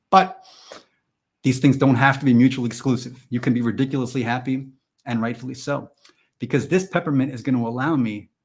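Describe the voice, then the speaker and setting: A man hosting a live stream and chatting with viewers in a goofy, rambling way, jumping from loud mock-indignant bursts to mumbled asides. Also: medium pitch, gravelly, slightly rough. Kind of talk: joking live chat with viewers.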